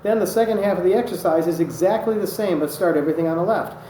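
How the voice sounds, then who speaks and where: Guy teaching drum rudiments, kinda high voice, roomy echo and loud noise behind. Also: fast. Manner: patient, methodical, counts strokes aloud. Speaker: drum instructor. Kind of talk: instructional demonstration. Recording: echoey room with loud noise. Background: drumming on a practice surface.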